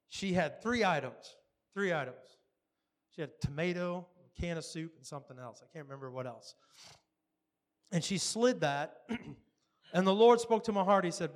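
A man preaching a sermon, telling stories and acting out dialogue with frequent laughs. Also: sits high. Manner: animated, acts out dialogue, laughs often. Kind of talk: sermon storytelling.

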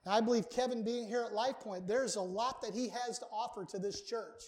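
High-pitched guy preaching in church, earnest, keeps repeating words for emphasis. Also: brisk. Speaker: pastor. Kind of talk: sermon. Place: church sanctuary.

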